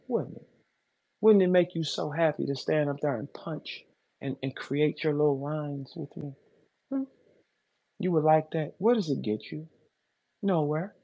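A man's voice: fairly high pitch, darkish tone. Taunting, boastful man ranting. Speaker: battle rapper. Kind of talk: ranting monologue.

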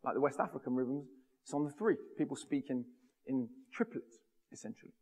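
A man's voice: medium pitch, animated, brisk, darkish tone. Man giving an emphatic talk in a hall. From United Kingdom. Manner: rhythmic, emphatic delivery. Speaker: speaker. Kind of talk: public talk. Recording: long hall reverb.

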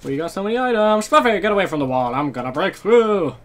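A man's voice: sits high, sing-song, fast talker, fairly bright tone. A young man giving casual, joking commentary over a horror game, often swearing. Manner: joking, playacting, swears a lot. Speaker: gamer. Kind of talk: casual let's play commentary.

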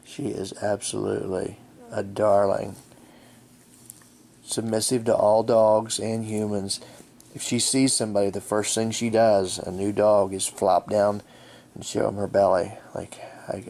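A man's voice: lowish voice, flat delivery, a little slow, gravelly, a little mellow, a little hiss or hum. A man chatting casually outdoors, narrating a game of fetch and fondly coaxing his dog. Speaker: channel host. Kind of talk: casual vlog commentary while playing fetch.

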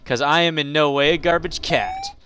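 A man voicing a bratty, destructive male house cat who loudly mocks its owner while playing a video game. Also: on the high side, wildly swooping pitch, normal speed, background noise. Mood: gloating. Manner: loud, gloating, mocking taunts.

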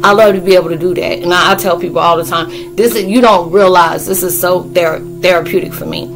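Animated, slangy woman vlogger. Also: lowish voice, fast, gravelly, over music. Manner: loose, animated, slangy, acts out quoted friends. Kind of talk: casual spoken vlog, talking to viewers.

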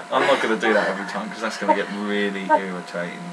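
A young man hosting casual let's-play commentary, joking and swearing in loud outbursts while he games. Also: lowish voice. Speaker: gaming channel host. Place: room at home, recording while gaming. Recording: distant mic with faint noise.

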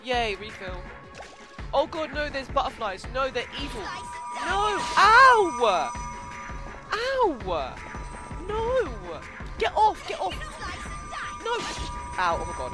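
A young adult with an English accent giving casual commentary on a horror game, easily startled into screaming and then chatting softly with viewers. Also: medium pitch. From England. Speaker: let's play gamer. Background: game music.

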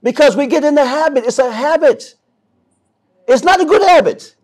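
A man preaching a sermon as pastor, swinging from soft to loud and often repeating and restarting words. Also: extremely high pitch, lively intonation, normal speed.

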